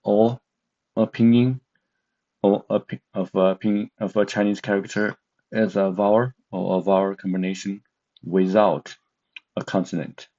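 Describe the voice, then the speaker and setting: A man's voice: fairly low pitch, little pitch movement, measured pace, mellow. A man teaching an online language lesson, speaking with many hesitant filler sounds. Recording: dull lo-fi sound.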